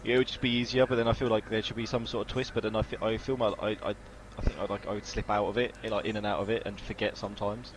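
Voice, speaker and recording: A man's voice: lowish voice, little pitch movement, noisy background. A young man co-hosting a casual podcast, often repeating himself as he starts sentences over. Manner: stammering restarts, fast talk. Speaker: podcast co-host.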